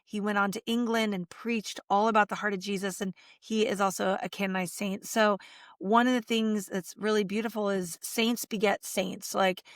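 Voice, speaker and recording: A woman's voice: mid-range voice, moderate pace, dry recording, studio quality. A middle-aged woman, a Catholic speaker and author, talking as a guest in an interview and telling stories with acted-out quotes. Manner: animated storytelling, acts out quotes. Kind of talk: conversational interview.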